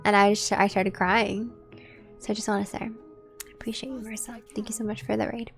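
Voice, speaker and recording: A woman's voice: medium pitch, level tone, brisk, vocal fry, soft background music. A woman live-streaming a game, chatting casually and directly with her viewers. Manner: chatty, talks straight to her chat.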